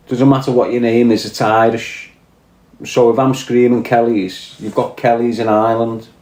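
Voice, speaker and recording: A man's voice: mid-range voice, warm tone. A man with a Scouse accent hosting a casual podcast chat, rambling and reading out viewer comments. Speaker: podcast host. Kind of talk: casual live-stream chat. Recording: echoey room.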